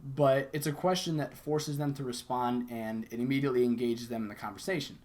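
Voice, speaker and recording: A man's voice: mid-range voice, fairly even intonation, brisk, darkish tone. Young adult man, conversational sales coach, acts out sample lines mid-explanation. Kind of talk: casual instructional talk.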